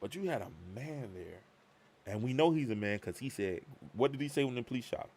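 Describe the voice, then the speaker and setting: Animated man telling a story on a live stream. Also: medium pitch, a little fast. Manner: animated, acts out both sides of conversations. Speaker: show host.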